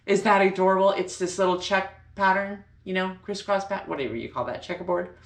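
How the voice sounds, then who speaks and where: A woman's voice: fairly low pitch, lively intonation, a little fast. A woman hosting a sewing vlog from her home sewing room, bubbly and rambling, often correcting herself. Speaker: sewing channel host. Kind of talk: casual chatty sewing vlog. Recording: echoey room with faint ambience.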